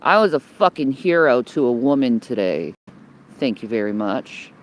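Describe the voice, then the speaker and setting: A woman with an extremely low voice livestreams from her hand-held phone while sheltering under a building outside in the cold. At a moderate pace and with lively intonation, she delivers a combative, rambling homeless rant, cursing constantly and repeating herself.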